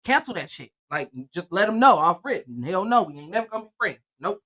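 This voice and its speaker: Animated bright-voiced middle-aged woman. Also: medium pitch, a little fast. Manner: animated, blunt, laughs often. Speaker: podcast co-host. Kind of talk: casual chat.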